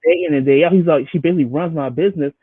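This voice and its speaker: Animated male co-host, higher voice, tinny phone sound, dry. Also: very fast, husky, dry recording. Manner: animated, acts out people he talks about. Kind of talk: casual chat about a reality show.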